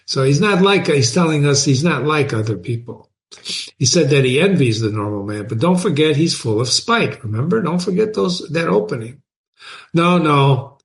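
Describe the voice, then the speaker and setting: A man hosting a reading show, reading a novel aloud and pausing to question listeners and explain passages. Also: mid-range voice, very animated, creaky.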